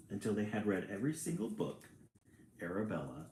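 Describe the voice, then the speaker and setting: A man reading a picture book aloud on a livestream, chatty and quick to laugh, greeting viewers between pages. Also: on the low side, very animated, a little hiss or hum. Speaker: storyteller and livestream host. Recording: roomy echo.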